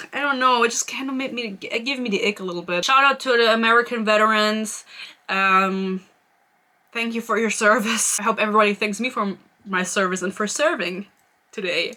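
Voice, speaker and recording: Bright, sarcastic young woman reviewing books. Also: medium pitch, moderate pace. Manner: sarcastic, rambling, swears freely. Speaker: book reviewer. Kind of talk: casual book review vlog.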